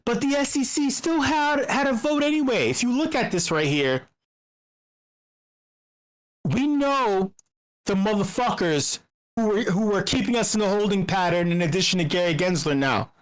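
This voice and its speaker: A woman talking in a casual livestream, telling a story in a profane, excitable way, her pitch jumping when she gets worked up. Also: moderate pace.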